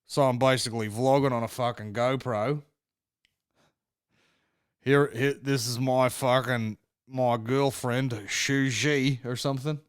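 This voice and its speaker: A man putting on a seedy middle-aged male reporter with a slow, swearing drawl. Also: medium pitch, steady tone, clear, resonant tone, no echo, clean studio sound, lightly acted. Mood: casual.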